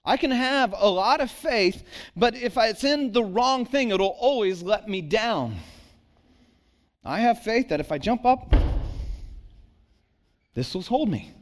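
A pastor delivers a sermon in a high-pitched voice, talking at an unhurried, deliberate pace. He preaches conversationally, asking the congregation questions and restarting his words, then sinks low and quiet to land his points. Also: animated. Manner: conversational preaching with rhetorical questions, dropping low and soft for emphasis; frequent repeated words and restarts.

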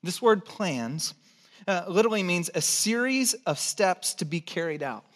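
A man's voice: high voice, animated, a little slow, a bit bright. A middle-aged male pastor preaching a sermon, emphatic and conversational, repeating his key phrases. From born in Texas, raised in California.

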